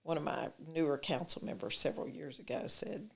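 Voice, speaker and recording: A woman's voice: low-pitched, expressive, a little fast, vocal fry, few pauses. An older woman with a thick Texas accent, a city mayor telling stories as an interview guest, often acting out both sides of past conversations. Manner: chatty storyteller who acts out quoted exchanges. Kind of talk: casual interview chat.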